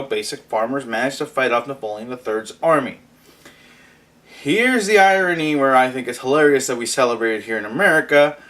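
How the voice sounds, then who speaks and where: A man's voice: on the high side, fairly bright tone. Young guy from mexico doing a morning vlog, jokey, voice bounces up and down a lot. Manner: joking, laughs through his lines. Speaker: vlog host. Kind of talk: casual vlog monologue.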